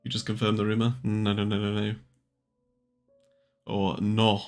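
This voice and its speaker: A man's voice: fairly low pitch, completely flat delivery, unhurried, pauses often. A young man hosting a trading livestream. He chats casually, swears, and jokes while answering viewers' questions. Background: faint music.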